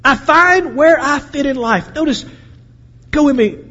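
A man preaching a sermon, acting out voices and swinging between loud and quiet. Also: very high voice, lively intonation, measured pace, dull audio. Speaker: pastor. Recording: echoey hall with long reverb.

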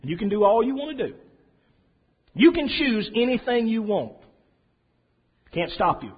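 A man preaching a sermon in a folksy, storytelling way, swinging from soft asides to loud emphasis. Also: high voice, husky. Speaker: pastor. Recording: dull lo-fi sound.

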